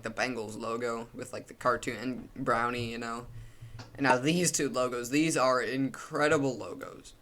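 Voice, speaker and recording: A man's voice: medium pitch, a bit bright. A young man giving a casual, opinionated commentary while ranking logos, rambling with frequent restarts and fillers.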